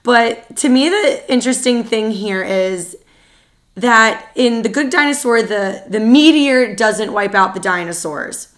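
Her voice sits a little high and comes across tired and worn out. She's a podcast co-host in casual conversation, talking in an eager, chatty manner with fast asides.

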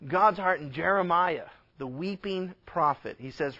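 A man preaching a sermon as a pastor, earnest and emphatic, sometimes dropping to a hush. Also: fairly high pitch, unhurried, lo-fi sound.

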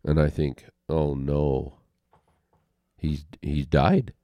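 An older man telling a personal story as an interview guest, halting and heartfelt, with pauses and restarts. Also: rumbling low, level tone, dark tone, dry recording.

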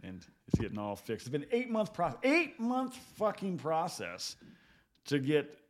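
A man's voice: on the high side, wildly swooping pitch, measured pace. A man on a casual podcast, swearing constantly and laughing at his own stories. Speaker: podcast host. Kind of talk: casual profane podcast chat.

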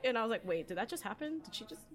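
A woman's voice: a little high, very animated, racing. A woman hosting a podcast, chatting casually with guests, with lots of fillers and frequent laughter. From Philippines. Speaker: podcast host. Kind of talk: casual chat.

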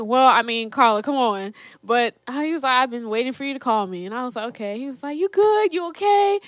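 A young woman with a bright, fairly high voice recounts a personal story for her vlog. She quotes her parents as she goes and laughs often. The sound is close and dry. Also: sing-song, quick pace, few pauses, no echo. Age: young adult. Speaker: storyteller, co-host. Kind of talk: casual storytelling to camera.

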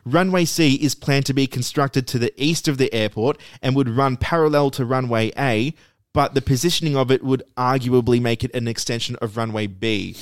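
A man's voice: mid-range voice, moderate pace, hardly any pauses, no room sound, clean studio sound. A man co-hosting a casual podcast, explaining a topic at length and often repeating and restarting his words. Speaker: podcast co-host presenting a segment.

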